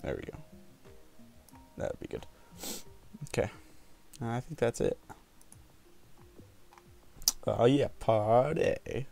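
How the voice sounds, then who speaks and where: A man casually commenting while playing a video game, sick with a cold, chatty, often laughing and quickly getting frustrated. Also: medium pitch, huge pitch swings, gravelly, dark tone, faint music behind. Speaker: gameplay video host. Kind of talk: casual let's play commentary.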